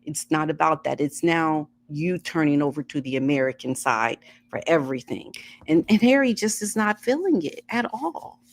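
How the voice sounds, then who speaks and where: A woman's voice: deep voice, animated, moderate pace, few pauses. A woman co-hosting a casual talk, mostly listening with short agreements and now and then making her own points. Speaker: co-host. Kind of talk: casual chat.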